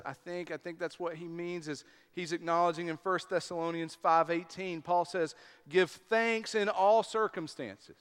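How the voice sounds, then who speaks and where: Guy preaching slow n emphatic, high clear voice, long hall echo. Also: fairly bright tone. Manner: deliberate, emphatic preaching with pauses. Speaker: pastor. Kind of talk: sermon.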